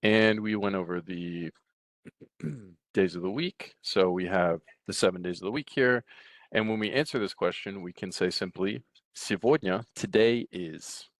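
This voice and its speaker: A middle-aged man giving a recorded language lecture from a textbook, relaxed, often checking in with "right?" and restarting his sentences. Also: sits low, no room sound. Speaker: Russian language teacher.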